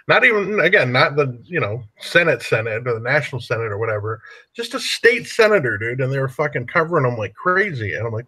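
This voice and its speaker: A man's voice: medium pitch, sing-song, fairly quick, sharp tone. A man chatting casually on a podcast, rambling and swearing freely, tagging "dude" onto his sentences. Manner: profane, rambling, drops "dude" often. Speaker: podcast host. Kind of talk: casual political chat.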